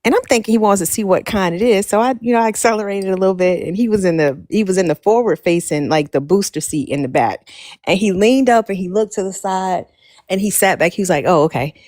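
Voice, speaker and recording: A woman's voice: medium pitch, fast talker, no echo. A woman and mother chatting casually on a live stream, telling funny stories and acting out what people said. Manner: animated storyteller, quotes people in voices. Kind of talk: casual chat.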